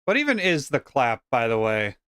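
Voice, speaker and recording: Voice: medium pitch, wildly swooping pitch, normal speed, a bit bright. A stream guest asking laid-back, jokey questions in casual chat.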